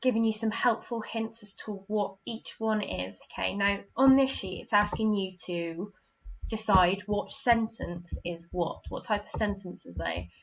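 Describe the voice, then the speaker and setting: A woman's voice: medium pitch, fairly even intonation, unhurried, creaky, dull audio, slight background noise. An English woman teaching a recorded online lesson to young children, encouraging and acting out example sentences with expression. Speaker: primary school teacher.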